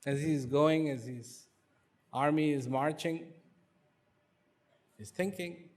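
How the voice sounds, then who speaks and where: Man telling a story to a crowd, slow and a bit high-pitched, lots of pauses. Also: a little mellow. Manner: slow, repetitive, dramatic pauses. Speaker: guest speaker. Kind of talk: storytelling lecture. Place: university student activity center.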